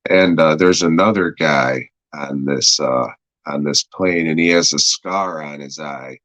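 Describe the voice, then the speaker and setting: Slow, deep-voiced man recapping crudely. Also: fairly bright tone, no room sound, poor audio. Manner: rambling, crude, heavy swearing, lots of uh. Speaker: podcast host reviewing an episode. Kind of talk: casual plot recap.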